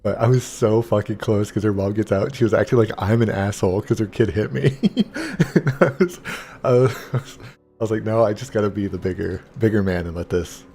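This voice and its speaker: A man's voice: lowish voice, fairly even intonation, brisk, dark tone, breathy edge. A young man casually telling a rambling, profane story while gaming, full of fillers. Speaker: gaming streamer.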